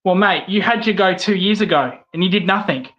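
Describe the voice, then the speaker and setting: Aussie bloke on a podcast, high voice, fired up and blunt, says things twice. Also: male voice, a little fast, pushed and bright, muffled recording. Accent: Australian. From Australia. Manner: heated, blunt, repeats himself when riled. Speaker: podcast guest, cricket fan. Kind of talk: casual podcast chat.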